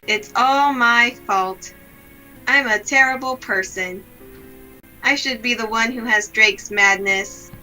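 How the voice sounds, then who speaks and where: A woman reading aloud the lines of a gloomy, self-blaming young woman from a visual novel, in a slow, subdued, melancholy way. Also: fairly high pitch, pushed and bright, soft background music, exaggerated voice, rough recording.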